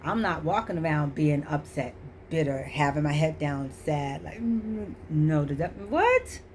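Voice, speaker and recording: A woman's voice: low voice, moderate pace, darkish tone, slight background noise. A middle-aged woman giving a casual motivational talk, emphatic and repetitive, preaching about choices. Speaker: motivational vlogger.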